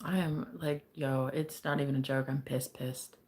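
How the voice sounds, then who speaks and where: A woman's voice: rumbling low, level tone, normal speed, darkish tone. A young woman hosting a casual livestream as a psychic reader. She chats with viewers, laughs often and swears casually.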